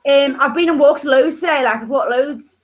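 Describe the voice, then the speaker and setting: A woman's voice: high-pitched, normal speed. A woman chatting casually about her day in a rambling way. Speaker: chat room participant. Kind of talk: casual chat.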